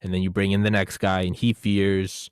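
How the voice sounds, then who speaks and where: Low-voiced American podcast host, dry. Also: male voice, little pitch movement, moderate pace, smooth, dry recording. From United States. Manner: swearing, rambling, jokey. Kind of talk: casual podcast chat.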